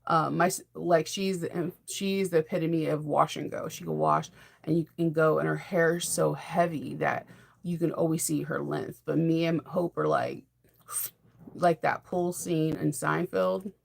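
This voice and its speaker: A woman's voice: low voice, fairly even intonation, measured pace, vocal fry. A middle-aged woman hosting a sewing channel, chatting casually in a rambling, enthusiastic way and laughing often. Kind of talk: casual chat.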